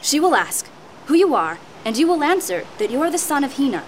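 Gentle mother played by a woman, calm and patient. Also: high-pitched, fairly quick, a little hiss or hum, pitched above the performer's own voice. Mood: advising.

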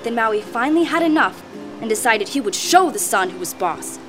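Woman narrator for a legend, expressive and animated, bright higher voice, music underneath. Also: normal speed. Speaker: storyteller. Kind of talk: read-aloud legend narration.

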